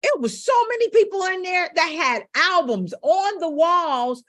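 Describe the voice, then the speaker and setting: A woman's voice: very high-pitched, sing-song, unhurried, sharp tone. A middle-aged woman vocal coach, teaching with emotion and repeating phrases for emphasis. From Gary, Indiana, USA.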